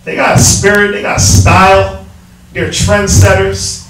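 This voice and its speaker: Animated preaching man in an echoey hall. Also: sits high, takes it slowly, recorded from a distance, soft background music. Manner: animated, slangy, rhetorical questions. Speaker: teacher. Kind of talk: street preaching.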